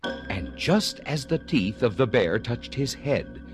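A man narrating a rhyming storybook in a lively, playful storytelling manner. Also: medium pitch, slow pace. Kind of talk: storybook reading in rhyme. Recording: music playing behind.

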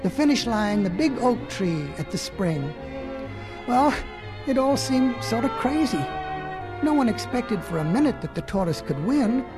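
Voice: medium pitch, very animated, measured pace, over music. A storyteller reading a children's animal tale in a folksy way, with chatty asides to the listener.

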